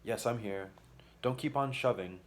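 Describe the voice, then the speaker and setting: A man voicing a brave young girl who talks in a quick, practical way in a storybook reading. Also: mid-range voice, lightly acted. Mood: urgent.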